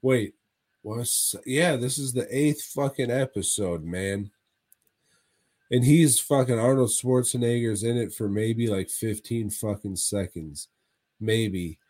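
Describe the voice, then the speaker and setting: A man's voice: mid-range voice, slow, darkish tone. A man co-hosting a casual podcast, rambling with heavy swearing and frequent laughs. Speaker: podcast co-host.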